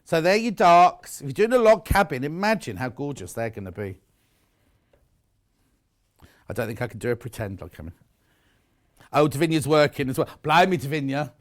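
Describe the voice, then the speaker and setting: A British man hosts a live craft shopping show from a TV studio. His voice sits a little high for a man, and he chats breezily, teasing viewers as he reads their messages aloud. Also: very animated, fairly quick. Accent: British English. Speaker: shopping channel presenter.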